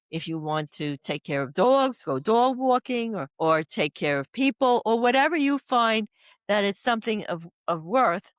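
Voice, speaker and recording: A woman's voice: medium pitch, no echo, clean studio sound. An older woman, an oncology doula, talking as a guest on a podcast. She wanders through stories and anecdotes in a casual, earnest way. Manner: rambling, anecdotal storyteller.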